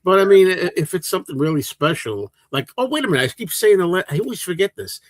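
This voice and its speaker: A man's voice: high voice, sing-song, quick pace, dry recording. Older male host, rambling casual chat, dry close sound. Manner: rambling, with frequent restarts and fillers. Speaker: livestream host. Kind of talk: casual chat, answering viewer questions.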